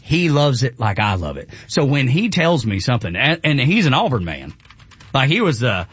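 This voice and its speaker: A man's voice: medium pitch, big pitch swings, moderate pace, a bit bright, breathy edge, highs cut off. A man with a Southern US accent, a country radio host chatting casually, laid-back and drawling, often laughing.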